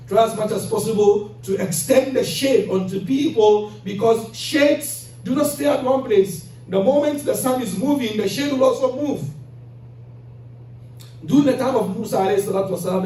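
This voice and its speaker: This sermon comes from a man whose voice sits high and sounds warm, over slight background noise. He tells moral stories in a mosque hall and performs each character's voice, captured at a distance with plenty of hall echo.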